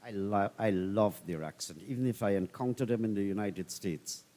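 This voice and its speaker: A man's voice: on the low side, normal speed, warm tone, long reverb tail. A man giving live cricket commentary with easygoing, conversational analysis of the play.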